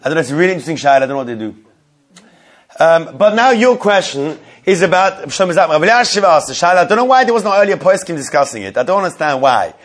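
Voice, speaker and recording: Fast-talking man teaching a religious law class. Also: a little high, sing-song. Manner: repeats key points and quizzes listeners. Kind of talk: Talmudic law lesson to a live group.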